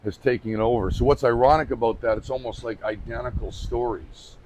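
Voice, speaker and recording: A man speaks casually on camera for his company. His voice sits at an ordinary middle pitch. He is chatty and informal, restarts his sentences and slips in light jokes. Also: steady tone, brisk, darkish tone, slight background noise. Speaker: company representative presenting the brand.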